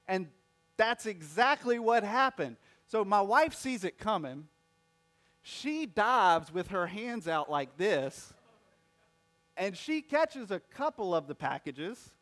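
A male pastor telling a funny family story in a sermon, acting out the voices of his family. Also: fairly high pitch.

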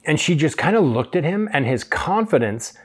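His voice is on the high side, husky and very animated, at a normal pace. A young man hosting a hairstylist podcast, he chats through a self-deprecating anecdote and acts out what others said.

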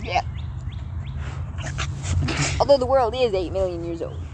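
Playful, joking woman with a lively voice. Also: mid-range voice, a little slow. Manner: playful, jokey, teasing. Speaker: co-host. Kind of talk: casual chat. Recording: noisy background.

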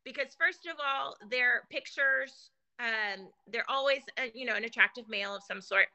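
Casual guest: a bright-toned, slightly high-voiced woman, animated storyteller, filler-heavy. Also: normal speed, creaky, highs cut off. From California. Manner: chatty, animated storytelling with many fillers and restarts. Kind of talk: casual conversation.

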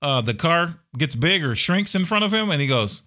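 A middle-aged man co-hosts a casual podcast in an animated way, laughing easily and trailing off into fillers. His tone is bright and forward, and his pitch jumps up and down a lot. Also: moderate pace. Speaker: podcast co-host.

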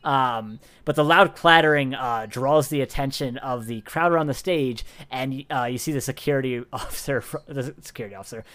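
A man's voice: mid-range voice, fairly bright tone. A man running a tabletop game as its game master. He narrates in stop-start bursts, restarting his sentences and padding them with fillers. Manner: halting, lots of fillers and restarts.

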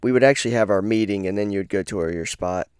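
A man's voice: fairly low pitch, fast, a little mellow, smooth, dry recording. Profane rambling man, clean dry voice. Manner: rambling, profane, frequently stutters and restarts. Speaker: podcast host. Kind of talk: casual solo podcast. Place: lying on his bed at home. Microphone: headphones and corded mic.

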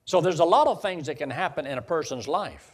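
A pastor with a slightly high voice delivers a sermon in an easy, conversational way. He breaks into emphatic, rising bursts to drive his points home. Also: lively intonation, fairly quick.

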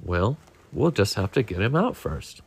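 Dad doing a breezy forgetful girl fish in his own deep voice, slow. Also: big pitch swings, husky, full character voice. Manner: breezy, absent-minded. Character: scatterbrained cheerful female fish.

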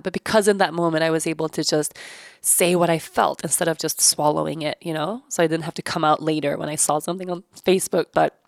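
A woman's voice: low-pitched, fairly even intonation, fast, vocal fry, no echo, studio quality. A woman in her thirties hosting a podcast, talking candidly about her family, swearing casually and often laughing. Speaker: podcast host. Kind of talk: personal reflective podcast monologue.

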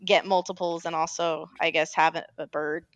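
A woman co-hosting a casual podcast, telling stories in an animated, rambling way, full of fillers and self-corrections. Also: sits low, normal speed, no echo. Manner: animated storytelling, often laughing. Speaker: podcast co-host. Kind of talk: casual chat.

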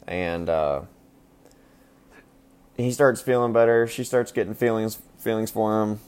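A man with a very low voice recaps a film on his podcast. He rambles loosely, peppering his talk with ums and likes and swearing for laughs. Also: a little slow, a little mellow, smooth. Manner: rambling, crude and joking, with frequent fillers. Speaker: podcast host. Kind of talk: casual movie recap.

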